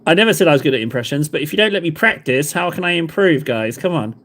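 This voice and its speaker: Man, casual live-stream chat, animated, slightly high, says f or t for th. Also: fast. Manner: chatty, rambling, self-mocking.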